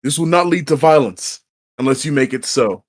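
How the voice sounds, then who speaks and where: A tabletop player voicing a stern male city guard who speaks in slow, formal proclamations. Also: medium pitch, lightly acted.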